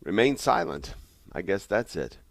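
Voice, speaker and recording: A man hosting a morning radio show, relaxed and halting, with lots of filler words. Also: sits low, vocal fry, dry recording. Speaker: radio host. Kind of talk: casual radio chat.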